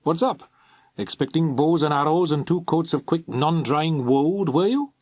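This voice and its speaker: A man reading aloud, voicing a sharp-tongued Welsh teenage boy who talks in a teasing, sardonic way. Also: on the high side, unhurried, no echo, voice pushed up. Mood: mocking.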